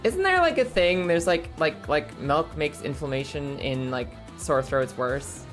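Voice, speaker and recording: Hoarse low-voiced woman streamer, chatty and giggly, very lively swings, faint music behind. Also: unhurried. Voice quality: scratchy throat. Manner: bubbly, laughs often, rambling. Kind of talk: casual stream chat.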